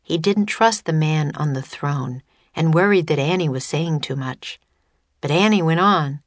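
A woman reading a children's chapter book aloud as narrator, measured and even, close to the mic. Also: low-pitched, no room sound. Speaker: audiobook narrator. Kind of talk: scripted narration.

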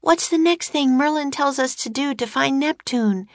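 Storybook girl, young, bold, cheerful, pitched way up, dry close sound. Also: measured pace, no room sound, exaggerated voice. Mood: eager. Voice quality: high, bright and excited. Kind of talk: audiobook character voice.

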